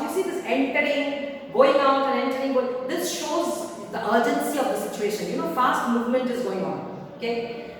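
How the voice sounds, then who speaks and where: A woman's voice: a little high, normal speed. A woman teacher, explaining a play line by line to her class, paraphrasing and checking in with "okay?". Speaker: literature teacher. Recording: echoey hall, distant mic, faint hiss.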